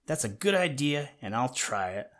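An old storybook frog, gloomy and croaking, his voice a little choky, as a man reads him aloud. He sounds like an everyday male voice rather than a strong character voice, at a middle pitch. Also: very animated, moderate pace, a bit bright. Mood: brightening.

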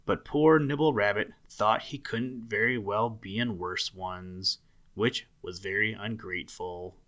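Slow, bright-voiced man reading a storybook. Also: on the low side. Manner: slow, gentle storytelling with dramatic swells. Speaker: narrator. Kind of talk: storybook read-aloud.

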